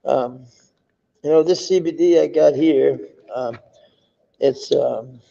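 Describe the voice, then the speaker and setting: A man with a Danish accent drawls slowly in a heavily gravelly, fry-laden voice that sits a little high. He rambles through a casual live-stream chat, swearing freely and restarting his sentences. The audio is dull and lo-fi. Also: dark tone. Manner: meandering, profane, many restarts.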